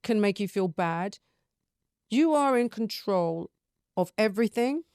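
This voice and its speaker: A middle-aged woman hosting a casual spiritual chat, animated and acting out her own inner dialogues. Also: mid-range voice, measured pace, smooth, no room sound, studio quality. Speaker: podcast host.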